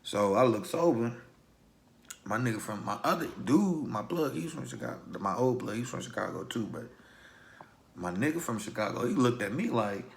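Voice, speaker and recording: A young man from Louisville, Kentucky, casually telling a personal story in heavy street slang with animated retelling. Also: medium pitch, normal speed, gravelly. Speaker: vlogger.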